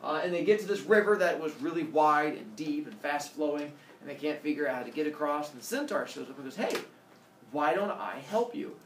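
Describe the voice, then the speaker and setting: A male teacher telling a myth to his class in a playful, animated way, asking the students questions. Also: on the high side, fast talker, hardly any pauses, a little hiss or hum. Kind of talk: storytelling to a class. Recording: echoey classroom from far off.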